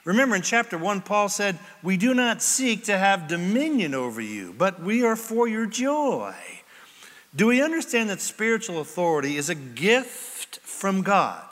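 Male pastor, high lively voice, bright tone, jokey sermon delivery. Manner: animated, jokey, acts out quoted voices. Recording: echoey hall.

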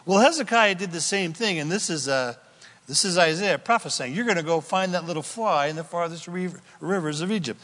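A man preaching an expository sermon in a folksy, animated style with storytelling asides. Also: a little high, fairly quick. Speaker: pastor. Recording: echoey hall.

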